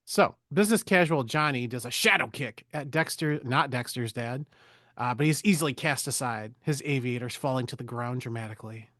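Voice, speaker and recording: A man's voice: mid-range voice, brisk, a bit bright, no room sound, studio quality. A man hosting a podcast, giving a casual, crude, joking recap of a movie plot.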